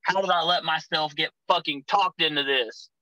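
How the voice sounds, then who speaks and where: Profane, rambling young man with a bright voice. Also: a little high, normal speed, dry recording, low-quality recording. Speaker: guest, pro wrestler. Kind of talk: casual podcast chat.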